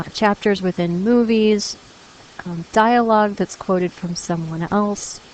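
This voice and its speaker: A woman's voice: medium pitch, darkish tone, a little hiss or hum, rough recording. A woman teacher explaining punctuation rules to her class in a patient, encouraging way, reading example sentences aloud. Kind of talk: classroom grammar lesson.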